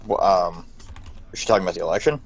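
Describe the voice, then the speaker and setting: A man's voice: low voice, animated, fast. A man playing in a tabletop game, hesitant and full of ums. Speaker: player.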